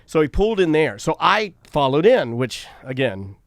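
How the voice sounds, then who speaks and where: A man co-hosting a casual chat show, telling a story with animated energy and bursts of shouting. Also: a little high, normal speed, no echo. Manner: animated storytelling, shouts when reliving anger. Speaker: co-host. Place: studio.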